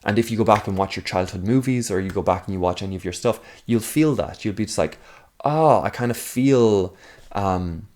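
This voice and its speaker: Speaking directly to camera, this man, a video essayist, gives a casual, unscripted monologue in a fairly low and a little mellow voice. He thinks aloud and rambles, wandering into tangents and asides, padding pauses with "um" and "like," and occasionally debating himself in a mock second voice before returning to the point.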